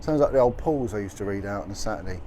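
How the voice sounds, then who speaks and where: A man's voice: fairly low pitch, lively intonation, quick pace, dark tone. A man hosting a casual livestream outdoors, chatting with asides as he reads out figures. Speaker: livestream host. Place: outdoors in windy street. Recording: noisy outdoor street recording. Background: wind, traffic and street noise.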